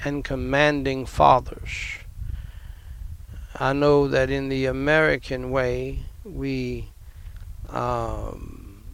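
Gravelly older man preaching. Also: mid-range voice. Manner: conversational preaching with repetitions and asides. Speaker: pastor. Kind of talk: sermon.

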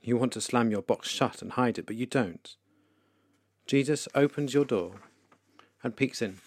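A man leading a guided meditation for listeners, speaking slowly, calmly and softly with pauses. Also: mid-range voice, no echo. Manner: slow, calm, soft-spoken with pauses. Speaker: devotional leader.

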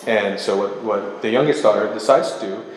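A man's voice: on the low side, brisk, slight background noise. A man preaching a sermon, reading scripture verses aloud and stopping to explain them line by line. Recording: very echoey hall with long reverb.

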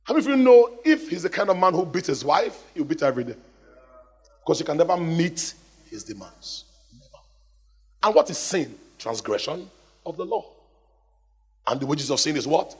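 Man, pastor, lively sermon, call-and-response, husky tone, reverberant church hall. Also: fairly high pitch, moderate pace, pauses often.

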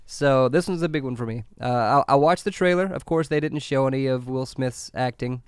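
A man's voice: mid-range voice, fairly quick, clear, resonant tone, no room sound, clean studio sound. A man in his twenties co-hosting a casual podcast about movies, laughing often and stumbling over repeated words. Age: 20s. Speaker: podcast co-host.

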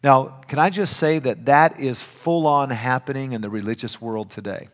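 Older man, emphatic sermon delivery, mid-pitched voice, long hall reverb. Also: normal speed. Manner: emphatic preaching, swings between loud and hushed. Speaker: preacher.

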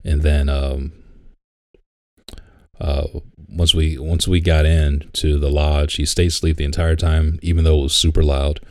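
Very deep-voiced laid-back man. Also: little pitch movement, measured pace, darkish tone, no room sound, studio quality. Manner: laid-back, swears, laughs often. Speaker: podcast co-host. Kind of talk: casual chat.

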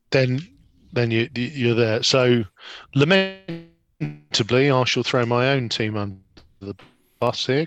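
A man's voice: medium pitch, fairly bright tone. A man talking on a casual discussion show over a remote call, with a sardonic wit and ornate, mock-grand wording.

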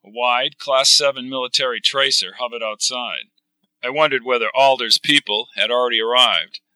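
Bright, dry male sci-fi reader. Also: mid-range voice, moderate pace, dry recording, poor audio. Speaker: narrator. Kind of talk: reading a sci-fi novel aloud.

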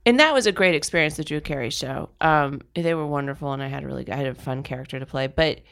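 Guest spot: middle-aged woman, deep-toned, lively anecdotal chatter. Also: quick pace, gravelly. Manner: animated storytelling, lots of "like". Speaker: guest actress. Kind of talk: casual chat.

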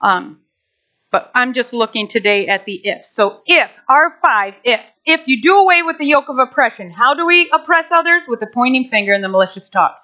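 A middle-aged woman pastor preaching a sermon, animated, with asides and rhetorical questions. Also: on the high side, moderate pace. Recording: dull lo-fi recording.

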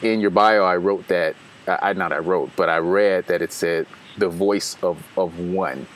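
Man, very deep voice, interviewer, casual, short affirmations. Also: fairly even intonation, measured pace, low-quality recording. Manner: brief affirming responses.

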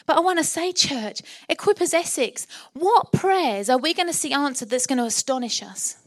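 A woman's voice: sits high, animated, normal speed, no room sound, clean studio sound. A middle-aged woman from England preaching a sermon as pastor, impassioned and rousing, acting out the voices in her story.

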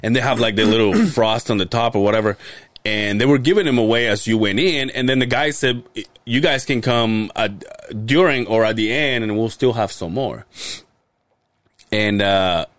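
With a medium-pitched voice at normal speed and no echo, a podcast co-host rambles through a lengthy story during casual conversation. He swears a lot and acts out what others said.

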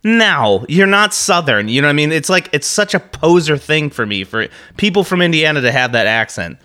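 A man's voice: fairly high pitch, expressive, fairly quick, pushed and bright. A man from the Midwest co-hosting a podcast, chatting casually and ranting with heavy profanity and frequent laughter. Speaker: podcast co-host.

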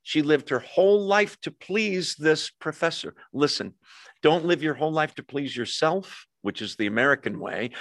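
A man's voice: fairly high pitch, a bit bright, no room sound. A middle-aged man, a pastor, preaching a sermon in a conversational way, with jokey asides to the congregation.

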